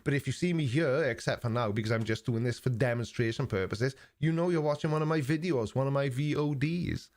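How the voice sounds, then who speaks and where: A man's voice: medium pitch, brisk, few pauses, a little mellow. An older man from England chatting casually on his live stream, reading out viewer comments with dry, sarcastic banter. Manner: dry sarcastic banter, mock-offended asides.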